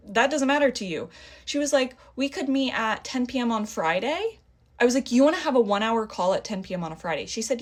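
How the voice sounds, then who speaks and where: A woman's voice: on the high side, fast. A young woman telling a story in a casual vlog, heated and indignant, acting out a back-and-forth conversation. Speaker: vlogger.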